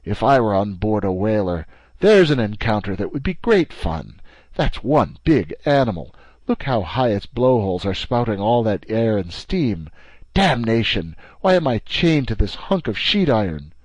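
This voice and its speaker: A man's voice: on the low side, normal speed, dry recording. A man doing Ned Land, a rowdy harpooner. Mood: boastful. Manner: loud, boisterous bursts of excitement. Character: excitable Canadian harpooner, brash and boastful.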